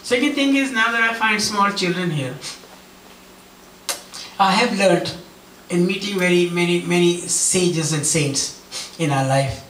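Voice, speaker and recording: A man's voice: high-pitched, a little slow, pauses often, a bit bright, a little hiss or hum. A man giving an earnest devotional talk, telling personal stories and acting out what others said. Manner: earnest, storytelling, acts out quotes. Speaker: speaker at a devotional gathering. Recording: roomy hall, mic at a distance.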